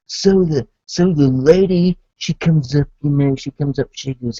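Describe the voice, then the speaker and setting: A man's voice: fairly high pitch, unhurried, hardly any pauses, warm tone, no room sound. A man telling a comic story as a host in character, with laid-back hippie slang, referring to himself in the third person. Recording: dull lo-fi recording.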